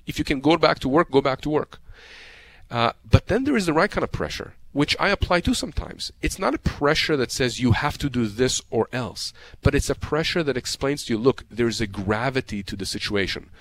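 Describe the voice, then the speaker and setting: A man's voice: medium pitch, animated, fairly quick, fairly bright tone. A man who works as a lawyer, giving advice on a radio show in a passionate, emphatic way and often repeating words. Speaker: personal injury lawyer as guest. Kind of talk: radio call-in advice talk.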